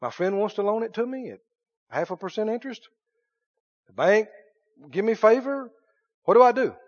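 High-voiced animated male preacher. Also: moderate pace, dull audio. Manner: animated preaching, swings from hushed to shouting. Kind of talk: sermon.

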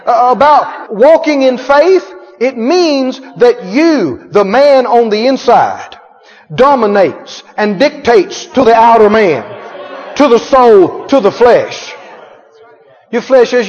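A man's voice: very high-pitched, big pitch swings, slow pace, darkish tone. A male pastor preaching with emphatic call-and-response and frequent chuckles. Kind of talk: sermon. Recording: echoey hall, dull sound.

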